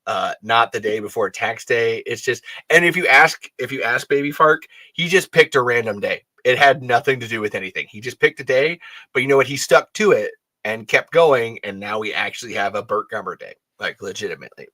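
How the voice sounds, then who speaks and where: A man hosting a fan show in casual, rambling chat, excitable and profane. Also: medium pitch, a little fast.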